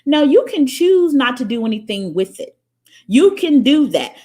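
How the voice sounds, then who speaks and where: A woman talking straight to her viewers about spirituality in a casual monologue, with a blunt, cursing, animated storytelling manner. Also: high voice, moderate pace. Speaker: spiritual vlogger.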